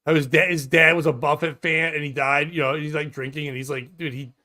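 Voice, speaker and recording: A man's voice: on the high side, level tone, fairly quick, bright, forceful tone. A man hosting a podcast, chatting casually in a rambling, profane, jokey way. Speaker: podcast host and radio DJ. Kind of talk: casual comedic chat.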